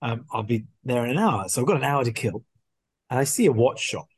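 A man, a podcast guest, casually telling a story and acting out the dialogue in an animated way. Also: medium pitch, a little fast, husky, no room sound. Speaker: guest watch collector.

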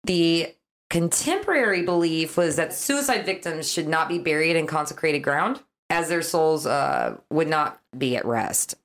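A woman hosting a podcast, chatting casually and narrating a case with quick asides. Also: low-pitched, lively intonation, fairly bright tone. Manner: chatty, quick asides while reading notes. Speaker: podcast host.

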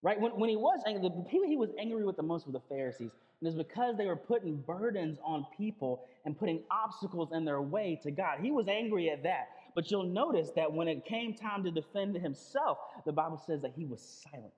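A male preacher with a high voice delivers a sermon in a loose, talky way, doubling up words and calling out "listen" to the room. The sound is dull and lo-fi, with a long reverb trailing each phrase. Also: animated, fairly quick, hardly any pauses, darkish tone. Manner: conversational, repeats words, calls on listeners with 'listen'.

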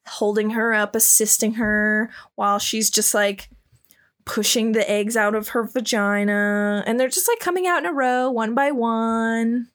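A woman's voice: a little high, steady tone, unhurried, fairly bright tone. A woman podcast host chatting casually through a comic, giggly and full of fillers. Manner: giggly, lots of "like". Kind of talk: casual chat describing a comic.

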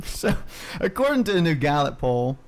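A man's voice: a little high, very animated, moderate pace. A man co-hosting a podcast, swearing freely and laughing as he keeps losing his train of thought. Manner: profane, easily distracted, laughing. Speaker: podcast co-host. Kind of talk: crude casual chat.

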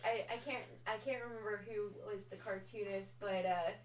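A woman in a casual group chat, excitable and often trailing off mid-sentence. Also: mid-range voice, normal speed. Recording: distant, echoey, with crowd noise.

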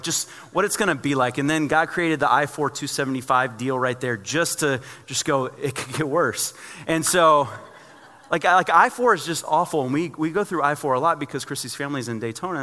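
Preaching conversationally in a bright, forceful voice, a male pastor weaves in joking stories from his own life. He speaks fairly quickly and expressively at medium pitch, and the long reverb of a large church sanctuary rings around him.

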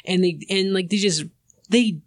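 A man's voice: sits high, normal speed, no echo. A man co-hosting a casual podcast, ranting in exasperation with many restarts. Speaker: podcast co-host. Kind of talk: casual movie rant.

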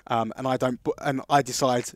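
A man co-hosting a podcast, telling long stories full of restarts and asides. His voice sits at an average pitch, and the recording is dry and close. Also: steady tone, fairly quick, no echo. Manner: rambling anecdotes with restarts. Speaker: podcast co-host. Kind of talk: casual storytelling chat.

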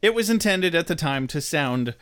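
A man co-hosting a casual recap podcast, his voice sitting a little high and moving through a wide, animated range. He talks in a joking, irreverent way. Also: moderate pace. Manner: joking and irreverent, laughs often. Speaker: podcast co-host. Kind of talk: casual chat recapping a TV episode.

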